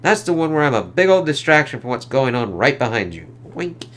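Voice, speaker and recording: A man's voice: medium pitch, very animated, a little fast, a bit bright, slight background noise. Plucky, teasing young superheroine voiced by a man.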